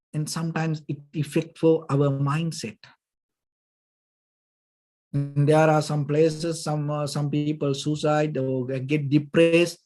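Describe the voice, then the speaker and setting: A man, a Buddhist monk, giving a dhamma talk, halting and searching for words, often saying "you know", with gentle, patient explanation. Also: a little high. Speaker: Buddhist monk teaching meditation.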